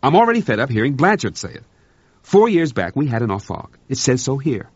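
A man voicing a harried, exasperated ship's officer, insistent and brisk, on a dull, dry lo-fi recording. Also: mid-range voice, very animated, slightly rough, no room sound, voice pushed up. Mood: shouting.

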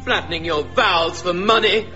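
A man playing a stuffy, indignant Victorian gentleman in a comic radio play. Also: sits high, normal speed, over loud music, lightly acted. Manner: prim, indignant. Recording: dull lo-fi recording with crowd.

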